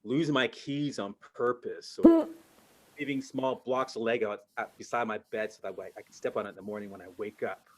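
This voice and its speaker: A man's voice: on the low side, fairly quick, a little mellow. A man performing stand-up comedy over a video call, telling stories animatedly and jumping into character voices.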